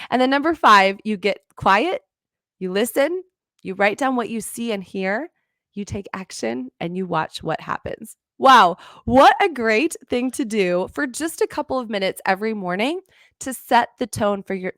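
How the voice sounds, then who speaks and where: A woman's voice: fairly high pitch, fairly bright tone, no room sound. A middle-aged woman hosting a faith-based podcast, telling stories earnestly and acting out her own past lines. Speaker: podcast host and business coach.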